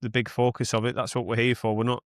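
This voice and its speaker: A man's voice: mid-range voice, little pitch movement, quick pace, no room sound, studio quality. A man hosting a podcast in casual, rambling chat that slips into mild swearing. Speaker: podcast host.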